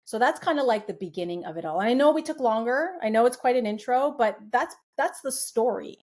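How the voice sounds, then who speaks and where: Woman telling a story with animated quotes. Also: on the high side, brisk. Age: middle-aged. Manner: animated, acts out quoted voices. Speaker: guest. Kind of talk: conversational storytelling.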